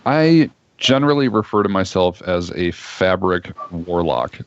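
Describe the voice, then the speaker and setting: A man's voice: low voice, expressive, unhurried, no room sound, lo-fi sound. A man chatting casually as a guest on a livestream, joking and self-deprecating. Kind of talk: casual chat.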